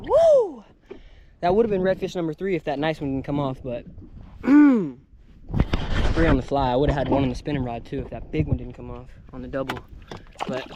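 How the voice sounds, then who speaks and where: A young man talking casually and excitedly to an action camera, outdoors on the water. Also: a little high, heavy background noise. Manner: excitable, hyped, slangy. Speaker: fishing vlogger. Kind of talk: casual vlog commentary.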